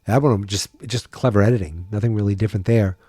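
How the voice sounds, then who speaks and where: Man, podcast host, tired, lowish voice, dry close sound, casual wry solo recap. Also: fast, warm tone, breathy edge, dry recording. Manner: chatty, wry, thinking aloud.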